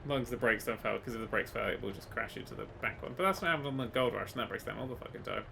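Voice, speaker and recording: A man giving casual let's-play commentary, excitable and sweary, swinging from quiet mutters to loud exclamations. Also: mid-range voice, racing, creaky, slight background noise. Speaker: gaming YouTuber.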